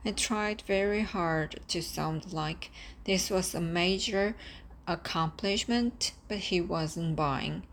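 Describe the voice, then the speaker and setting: A woman narrates a first-person story in a calm, steady way. Her voice sits lowish and moves very slowly, with a faint bed of ambience behind it. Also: a little hiss or hum. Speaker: audiobook narrator.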